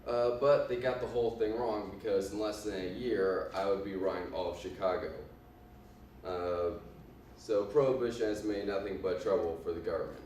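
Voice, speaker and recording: A cocky 1920s gangster boss tells his tale in a low voice with a put-on Italian accent, as a man performs him for a class. He speaks haltingly, with many ums and uhs. The sound is very echoey and comes from a distance off the mic. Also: fairly even intonation, darkish tone, a little hiss or hum, natural voice. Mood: boastful. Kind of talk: in-character class presentation. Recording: echoey room from far off.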